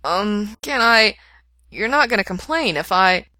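A woman reading aloud who puts on a playful, eager young man with a higher, louder, halting voice. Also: lively intonation, no echo. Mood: hesitant. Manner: halting, eager, raised and louder than the narration.

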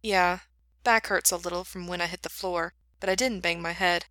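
A woman puts on a brash young man with a short fuse, bursting into loud, bright shouts and curses. The voice is crisp and close with a dry sound and no room around it. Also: lowish voice, fairly even intonation, moderate pace, no echo, close to an everyday voice. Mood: subdued. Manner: loud and explosive, then sulky.

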